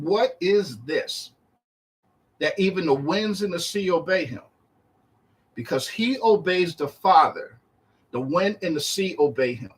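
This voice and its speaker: A man teaching through a Bible chapter verse by verse in a casual, animated way, acting out the speakers in the text. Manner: animated, acts out the disciples' and Yahshua's words in a higher voice; conversational, uses slang while reading verse by verse.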